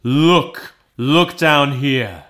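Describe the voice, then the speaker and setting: Sorrowful Christmas spirit, grave and loud, voiced by a male audiobook reader; unhurried. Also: lowish voice, lively intonation. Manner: loud stern warnings, slow and drawn out. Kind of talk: audiobook reading.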